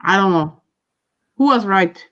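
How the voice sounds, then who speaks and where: A woman's voice: mid-range voice, expressive, unhurried, sharp tone. A woman co-hosting a casual livestream, playful and teasing. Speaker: co-host. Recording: dull lo-fi sound.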